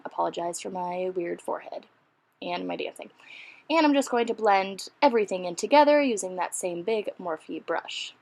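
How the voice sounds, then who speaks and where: Chatty woman with a gravelly vocal fry. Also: mid-range voice. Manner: chatty, self-deprecating, rambling asides. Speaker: beauty vlogger. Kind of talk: casual makeup tutorial voice-over.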